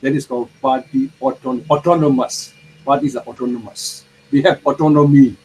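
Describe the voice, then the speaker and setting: A man lecturing a university law class, explaining terms slowly, repeating them and putting questions to the students. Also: mid-range voice, fairly even intonation, darkish tone, a little hiss or hum, rough recording.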